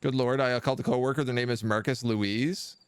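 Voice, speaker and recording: A man's voice: medium pitch, fairly even intonation, fairly quick, smooth, no echo. A man giving casual, wry live commentary while he plays a strategy game, chatting and thinking aloud. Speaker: streamer playing a kingdom sim. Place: living in Quebec.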